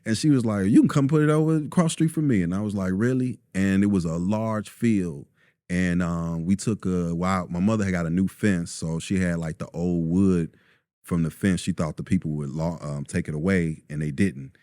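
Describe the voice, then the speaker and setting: Man, low warm voice, relaxed storytelling guest. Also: normal speed, no room sound, studio quality. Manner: relaxed storyteller, many ums, acts out quotes. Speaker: store owner, guest. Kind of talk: casual interview talk.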